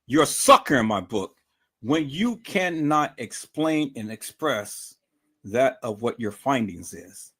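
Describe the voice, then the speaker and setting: Angry ranting man, pitch jumping around. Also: very animated, slow pace, a bit bright, slightly rough. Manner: angry, profane, repetitive, confrontational. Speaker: livestream host. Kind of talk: heated livestream rant.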